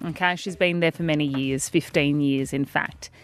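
A woman co-hosting a podcast, telling a story in a dramatic, animated way with frequent laughter. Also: low-pitched, moderate pace, faint music behind. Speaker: podcast co-host. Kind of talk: casual chat, storytelling.

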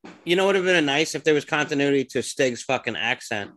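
A man's voice: medium pitch, fast talker, a crowd in the background, low-quality recording. A man chatting crudely and jokily about a bad movie on a podcast. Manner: animated, crude, jokey. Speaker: podcast guest. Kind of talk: casual movie chat.

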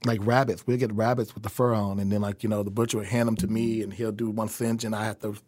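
A man's voice: lowish voice, little pitch movement, fast talker, darkish tone, dry recording. An American man, a chef, talking casually as a podcast guest, telling a story with plenty of restarts and fillers. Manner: rambling, full of restarts and fillers. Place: podcast studio.

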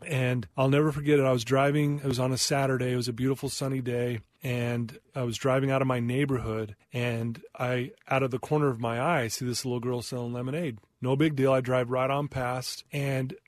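A middle-aged man, an interview guest, telling a personal story in an earnest, animated way and acting out the lines he quotes. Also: mid-range voice, fairly quick, few pauses, dry recording.

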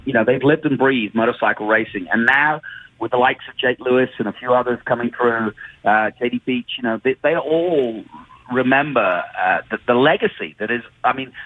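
A man calling into a motorsport radio show, talking earnestly with halting restarts. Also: medium pitch, no room sound. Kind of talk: casual radio talk. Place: event venue in the field. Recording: tinny phone line.

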